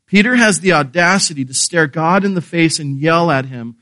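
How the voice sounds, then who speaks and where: A man's voice: on the high side, expressive, normal speed, pushed and bright, dry recording. A man preaching a sermon, earnest and emphatic, asking rhetorical questions and repeating key phrases. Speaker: pastor.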